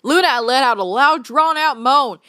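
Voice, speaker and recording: A woman's voice: high-pitched, lively intonation, normal speed, pushed and bright, smooth, no room sound, studio quality. A woman reading a story aloud for laughs, stumbling over words and breaking into disbelieving reactions. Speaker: fanfiction reader. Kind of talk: comedic read-aloud with reactions.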